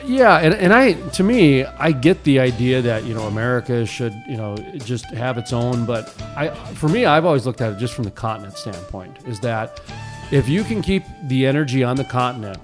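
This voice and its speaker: A man's voice: mid-range voice, animated, moderate pace, faint music behind. A man hosting a morning talk radio show, chatting casually and giving his opinions with frequent restarts.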